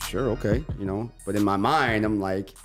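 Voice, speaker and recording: A man co-hosting a radio talk show, telling a long personal story in a lively, animated way and acting out the other people's lines. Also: fairly low pitch, normal speed, faint music behind.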